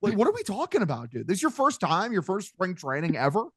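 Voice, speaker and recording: A man's voice: sits high, huge pitch swings, fast talker, husky, no echo, studio quality. Profane, mocking podcast host, a man. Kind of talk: casual sports podcast chat.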